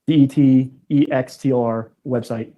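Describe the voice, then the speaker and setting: A man testifying as a witness in court, calmly reading out a list of items and spelling out words letter by letter. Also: medium pitch, normal speed, rough recording. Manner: matter-of-fact, reads items out and spells them.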